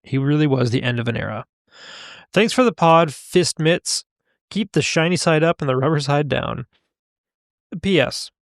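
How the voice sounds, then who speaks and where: A man co-hosting a podcast, reading a listener letter with playful flair. His voice sits a little high and has a gravelly edge. The sound is dry and close to the mic. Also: moderate pace, no room sound. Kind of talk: casual podcast chat.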